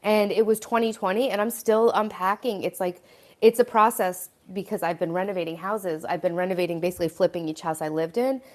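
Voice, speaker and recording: A woman's voice: fairly low pitch, a little fast. A middle-aged woman hosting a casual live stream, rambling and chatty with lots of "like" and "you know" as she talks about her home. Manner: rambling, chatty, many fillers. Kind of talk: casual live-stream chat while tidying.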